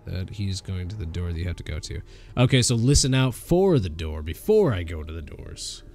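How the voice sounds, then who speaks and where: A man streaming a horror game, excitable, swearing and laughing at the scares. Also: low-pitched, normal speed, creaky. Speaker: gaming streamer. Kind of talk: livestream horror game commentary.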